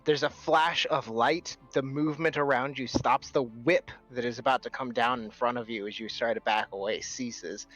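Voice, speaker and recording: A man's voice: mid-range voice, a bit bright, dull audio. A man narrating as game master in a tabletop game, casual and rambling, with lots of fillers.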